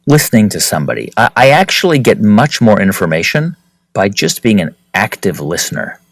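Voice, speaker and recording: Animated man with a lively voice. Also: fairly low pitch, no echo, rough recording. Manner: animated, with frequent restarts. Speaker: podcast host and author, interview guest. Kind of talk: conversational interview.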